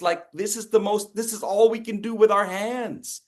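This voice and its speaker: A man in his fifties leading a public speaking workshop over a video call. His voice sits somewhat high, and his manner is playful and encouraging. He cheers people on by name as he goes. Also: fairly even intonation, normal speed. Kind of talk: lively interactive workshop coaching.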